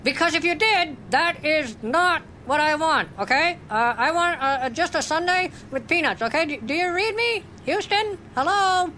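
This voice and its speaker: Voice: very high-pitched, animated, normal speed, few pauses, background noise. A performer voicing an exasperated male drive-thru customer who stammers and repeats himself as he keeps trying to get his order through. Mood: confused, pleading. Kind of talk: comic sketch acting.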